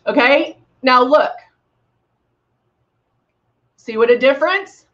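A woman's voice: high-pitched, expressive, slow, pauses often, fairly bright tone, dull audio. A woman giving a live makeup tutorial, chatty and bubbly, throwing in playful sound effects as she works. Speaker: makeup demonstrator.

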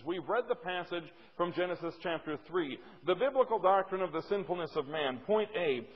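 A pastor teaching a sermon from a lesson outline, emphatic, slowing down to stress key points and voicing imagined objections from his listeners. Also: sits high. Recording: dull, lo-fi church recording with long hall reverb.

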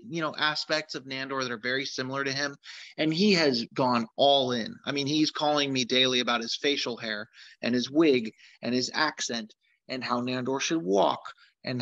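A man's voice: medium pitch, fairly bright tone, dry recording, lo-fi sound. A man who makes films, speaking casually and eagerly in a recorded video, rambling with lots of fillers. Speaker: filmmaker.

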